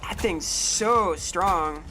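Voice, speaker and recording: A woman's voice: fairly low pitch, drawn-out words, background noise. A woman streaming a game live, rambling playfully, swearing freely and greeting chat members.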